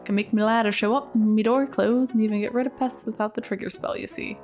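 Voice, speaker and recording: A woman's voice: fairly high pitch, steady tone, brisk, a little mellow, soft background music, natural voice. A woman voicing a chatty old male cave hermit who rambles in folksy dialect grammar, reading his lines in a put-on accent. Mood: cheery rambling.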